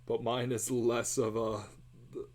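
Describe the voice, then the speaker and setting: A man's voice: medium pitch, little pitch movement, a little slow, darkish tone. A man chatting casually and muttering self-deprecating remarks while he draws on a live stream. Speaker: artist streaming a live drawing session.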